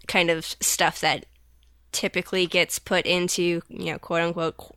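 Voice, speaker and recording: A woman's voice: fairly low pitch, level tone, normal speed, bright, forceful tone, smooth, no room sound. A woman co-hosting a podcast, chatting with enthusiasm. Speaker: podcast co-host. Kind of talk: casual podcast chat.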